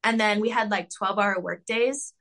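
A young woman talking casually as an interview guest, full of fillers, sometimes jumping high to act out quotes. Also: normal speed, a bit bright. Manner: chatty, filler-heavy with lots of "like" and "um"; acts out quotes in a high mocking voice.

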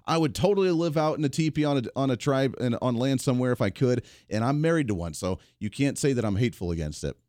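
A man hosting a call-in radio talk show, sarcastic and animated as he takes calls. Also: mid-range voice, fast talker, few pauses, no room sound, clean studio sound. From United States.

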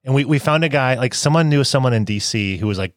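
A man's voice: medium pitch, expressive, fast, no room sound, clean studio sound. A man co-hosting a casual travel podcast, telling anecdotes in a chatty, amused way. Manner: chatty storyteller, laughs while telling anecdotes. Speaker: podcast co-host.

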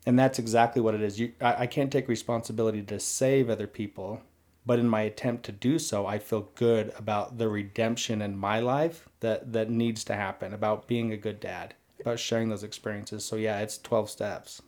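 A podcast guest speaks in a low voice, earnest and a bit halting. He often restarts his sentences as he works through his thoughts in casual conversation. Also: fairly even intonation, a little mellow.

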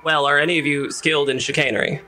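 A man narrating a tabletop game as game master, measured and hesitant, with fillers. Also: a little high, fairly even intonation, sharp tone, soft background music.

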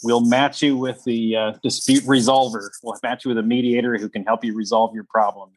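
A man's voice: mid-range voice, flat delivery, fairly quick, no room sound. Wry man hosting a podcast, dry mic. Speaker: podcast host. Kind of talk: casual podcast chat.

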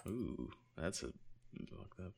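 A man's voice: deep voice, very animated, slow pace, vocal fry, mellow. A man co-hosting a casual podcast, reading news articles aloud and breaking off into sarcastic, profane asides. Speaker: podcast co-host.

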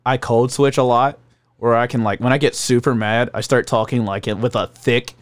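A man chatting casually, profane and animated, laughing often as he talks about work and comedy. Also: medium pitch, moderate pace, dry recording, studio quality. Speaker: restaurant worker and comedian. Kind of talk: casual chat.

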